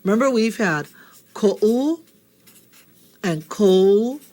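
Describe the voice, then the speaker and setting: A woman's voice: mid-range voice, expressive, drawn-out words, warm tone. A woman teaching a language lesson, patiently repeating phrases and checking in with "okay?".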